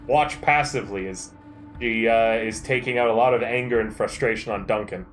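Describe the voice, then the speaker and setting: A man narrating a tabletop game as dungeon master, calm and measured with frequent fillers. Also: lowish voice, soft background music.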